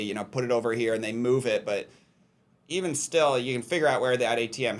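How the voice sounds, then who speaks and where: A man hosting a podcast, chatting casually and telling jokey stories in which he acts out little scenes. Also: medium pitch.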